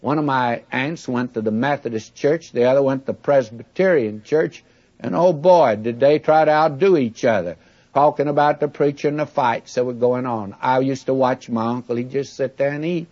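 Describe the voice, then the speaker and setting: A man's voice: mid-range voice, moderate pace, a little mellow. A man preaching a folksy, conversational Bible sermon with friendly asides to the listeners. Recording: muffled older recording.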